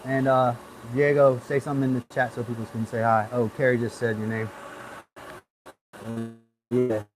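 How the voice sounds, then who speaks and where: A man's voice: medium pitch, little pitch movement, moderate pace, slight background noise, low-quality recording. A man hosting a casual live stream, rambling easily as he gives hands-on tips and chats with viewers. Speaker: livestream host.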